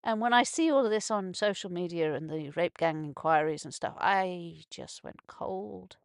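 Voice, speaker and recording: A woman with a lowish, gravelly yet clear and resonant voice speaks at a moderate pace on a dry, clean studio recording. She hosts a casual morning radio show from a narrowboat on a canal, rambling with frequent restarts and swearing when upset, her emotions heightened after a stroke.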